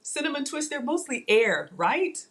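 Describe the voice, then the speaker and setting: A woman hosts a live cooking class and chats warmly with her viewers as she works. Her voice sits fairly high, and she is playful and teases herself. She talks in a lively, animated way. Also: measured pace. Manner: chatty and animated, talking to viewers while cooking; playful, self-teasing. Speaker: cooking livestream host. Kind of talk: chatty live cooking demo.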